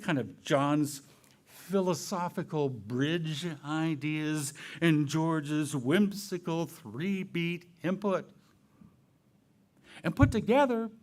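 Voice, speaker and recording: Man, church talk, unhurried, very lively pitch, quizzes listeners, playful asides. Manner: asks the audience rhetorical questions. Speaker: church speaker. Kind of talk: sermon-style talk.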